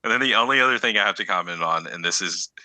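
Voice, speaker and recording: A man's voice: fairly low pitch, rapid-fire, bright, forceful tone, no echo, rough recording. A man co-hosting a casual podcast chat over a video call, teasing and laughing a lot. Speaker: podcast co-host.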